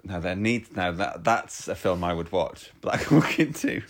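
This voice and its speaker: A man's voice: deep voice, expressive, measured pace. A man from Northumberland, England, co-hosting a podcast in casual chat. He is wry and playful and laughs often. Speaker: podcast co-host. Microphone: headphones and mic, podcast.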